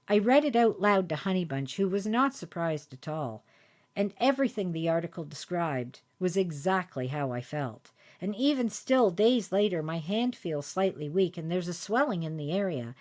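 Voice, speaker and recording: A woman's voice: on the low side, very animated, moderate pace, a little mellow. A woman hosting a podcast, telling a personal story in a chatty, self-deprecating way. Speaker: podcast host.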